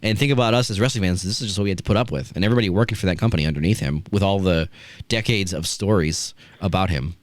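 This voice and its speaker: A man's voice: deep voice, racing, dry recording. A man hosting a casual wrestling podcast, ranting and swearing with mocking asides. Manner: profane, ranting, does mocking impressions. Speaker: podcast host.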